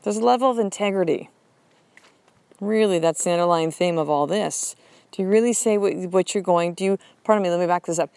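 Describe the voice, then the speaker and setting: A woman's voice: on the low side, a little fast, darkish tone, smooth, no echo. A woman hosting a motivational podcast, talking bluntly and emphatically and swearing freely. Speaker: podcast host.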